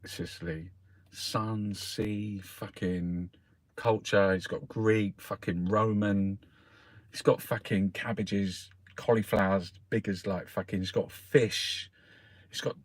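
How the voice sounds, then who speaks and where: A man's voice: lowish voice, no echo. A man from South London with a Cockney accent, rambling in a casual monologue, swearing constantly and calling the listener mate. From South London, England. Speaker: host reviewing the newspapers.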